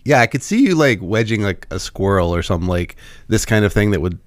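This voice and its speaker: A man co-hosting a casual podcast, jokey and animated, with a lot of filler words. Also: on the low side, quick pace, dry recording, studio quality. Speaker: podcast co-host.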